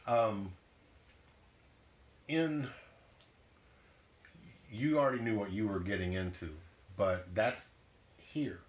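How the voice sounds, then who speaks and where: Lower-voiced guy asking questions in a roomy echoey space, kinda restarts a lot. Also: slow, long pauses. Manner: thinks aloud, restarts questions. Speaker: interviewer. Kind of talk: casual interview questions.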